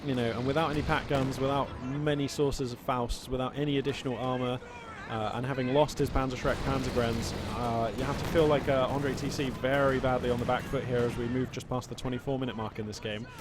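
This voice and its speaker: A man casting a strategy game match with chatty, playful play-by-play and quick excited reactions. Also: medium pitch, music in the background. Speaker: video game caster. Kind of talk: live play-by-play game commentary. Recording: loud game gunfire and vehicles behind.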